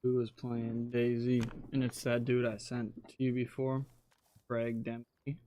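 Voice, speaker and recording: A man's voice: medium pitch, completely flat delivery, unhurried, warm tone, slight background noise. A man in a casual gaming voice chat, telling loose stories and swearing heavily. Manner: loose storytelling, heavy swearing. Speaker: gamer in a voice chat.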